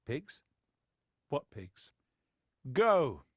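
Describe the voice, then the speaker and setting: A man's voice: on the high side, big pitch swings, measured pace, no echo, clean studio sound. A man voicing a commanding male leader in an audiobook, firm and dryly humorous. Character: commanding male teacher, brisk and wry. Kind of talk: audiobook character voice.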